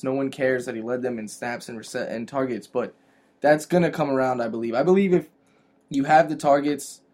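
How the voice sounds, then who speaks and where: A man's voice: medium pitch, a little mellow. Earnest stat-citing fantasy football man. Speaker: fantasy football podcast co-host. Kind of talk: casual sports chat.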